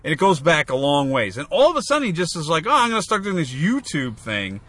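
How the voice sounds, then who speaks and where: A podcast co-host talks fast and very animatedly in a slightly high, fairly bright voice. His casual chat rambles, packed with fillers and restarts.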